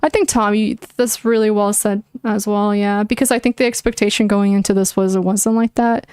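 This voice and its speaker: A young woman chats casually with her stream's viewers, answering them and thinking aloud in an earnest, opinionated manner with many "likes" and restarts. Her mid-range voice is smooth, a little mellow and fairly even in intonation, moving a little fast. It's studio quality, with no room sound.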